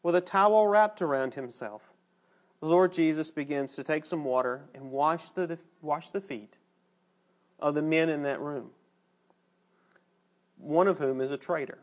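A preacher with a slightly high voice gives a folksy sermon, speaking to his congregation in a conversational way. He slows down and pauses for emphasis on key phrases.

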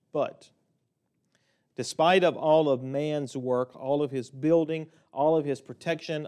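A man preaches through a Bible passage in an easy, conversational way, stopping for side notes. His voice is smooth and resonant at a middle pitch. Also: a little mellow. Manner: conversational Bible teaching with asides. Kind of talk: sermon.

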